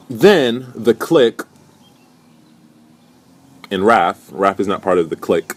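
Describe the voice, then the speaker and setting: A young man recapping a reality show in a casual, profane, animated rant. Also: lowish voice, slow pace, pauses often. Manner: profane, animated, indignant storytelling.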